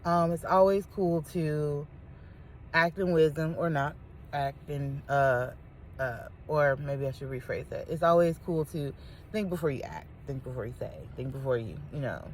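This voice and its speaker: A woman's voice: low-pitched, normal speed, a little hiss or hum. A woman, candidly telling personal stories to the camera with slangy asides. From Chicago. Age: 30s. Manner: candid, animated storytelling with slangy asides and laughs. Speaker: vlogger. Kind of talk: casual talk to camera.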